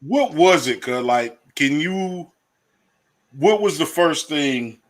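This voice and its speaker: A man with a Southern US accent hosting a casual interview, talking in an animated, slangy way. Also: on the high side, slow pace. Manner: animated, lively slang, laughs. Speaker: host.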